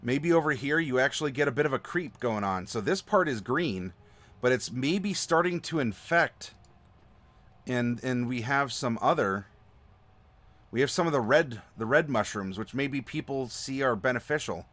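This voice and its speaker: A man hosting a live map-design stream, chatting to viewers in an animated, playful way. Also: mid-range voice, normal speed. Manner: animated, playful, talks to chat. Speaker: host.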